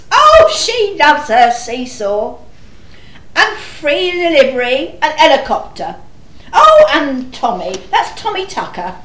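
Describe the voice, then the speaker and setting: A woman playing a frazzled, exasperated mother of many children in a panto, chatty and slow. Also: sits high, a bit bright, heavily acted. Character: frazzled harried mother in a shoe house. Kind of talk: amateur panto acting. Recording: echoey room.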